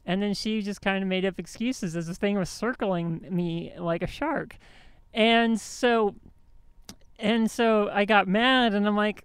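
A woman's voice: mid-range voice, fairly even intonation, measured pace, clean tone, dry recording. A woman hosting a show, telling a story in a casual monologue with indignant emphasis and many restarts. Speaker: host.

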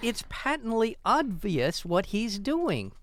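A man's voice: high-pitched, sing-song, takes it slowly, a little hiss or hum. A man co-hosting a casual comedic news chat, giving emphatic, indignant commentary. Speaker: co-host.

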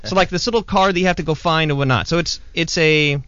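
A playful, chatty man hosts a casual show with a slightly higher voice, often chiming in to rephrase his guest's points. The recording is dry and a bit dull and lo-fi. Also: quick pace, a bit bright, clean tone, no room sound. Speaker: podcast host. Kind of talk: casual chat.

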